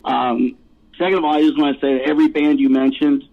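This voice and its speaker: A man's voice: medium pitch, little pitch movement, fast, vocal fry. A male rock singer telling rambling stories in a casual interview, laughing often and swearing freely. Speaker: rock vocalist guest. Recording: tinny phone line.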